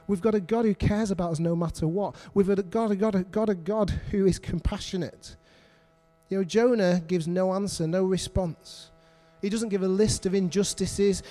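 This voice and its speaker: Man preaching, high mellow voice, earnest and repetitive. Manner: earnest, repetitive, asks congregation questions. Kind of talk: sermon.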